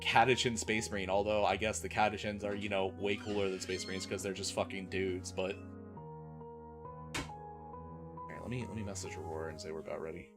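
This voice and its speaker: Low-voiced casual streamer guy. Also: steady tone, brisk, pauses often, music in the background. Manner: loose and profane, thanks viewers, talks with a guest on a call. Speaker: streamer host. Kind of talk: casual live-stream chat. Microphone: headset.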